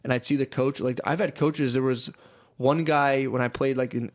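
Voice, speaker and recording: A man's voice: mid-range voice, steady tone, moderate pace. Young man joking crudely on a podcast. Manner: crude, joking banter with put-on voices. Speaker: podcast co-host. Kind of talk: casual chat.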